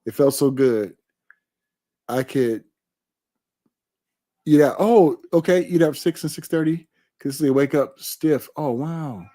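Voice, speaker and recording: A man hosting a casual live stream, reading viewer comments aloud and answering with slow, repeated affirmations. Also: fairly high pitch. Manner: warm, repetitive, emphatic affirmations.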